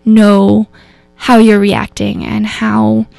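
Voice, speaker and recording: A woman's voice: medium pitch, monotone, drawn-out words, creaky, warm tone, no room sound, soft background music. A woman hosting a radio show, talking in a rambling, earnest way about coping with emotions, full of fillers and self-corrections. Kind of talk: casual spoken reflection on mental health. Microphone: radio studio microphone.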